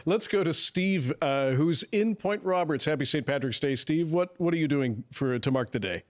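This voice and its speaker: A man hosting a radio call-in show, taking listeners' calls in a brisk, friendly way. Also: fairly high pitch, expressive.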